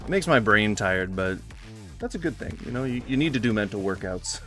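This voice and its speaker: A man narrating his own gameplay in a loose, talkative way, dropping to quiet mumbles and then shooting up into startled shouts. His pitch swings widely, and a faint music bed plays under his voice. He complains with mock-formal sarcasm. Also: expressive, brisk. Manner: mutters to himself, bursts into sudden loud yells. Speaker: gaming streamer. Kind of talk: casual gameplay commentary.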